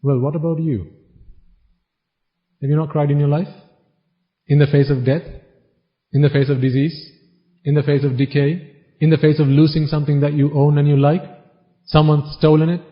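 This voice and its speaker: Wry man preaching a sermon, dull recording. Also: a little high. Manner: questioning the audience, wry and teasing. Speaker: Buddhist preacher.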